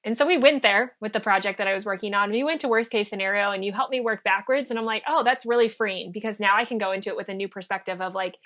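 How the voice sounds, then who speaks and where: A woman hosts a podcast interview at a mid pitch for a woman. She talks in a chatty, reflective way and often searches for words with "like" and "you know.". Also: racing, hardly any pauses, sharp tone. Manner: chatty, reflective, many fillers like "like". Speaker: podcast host.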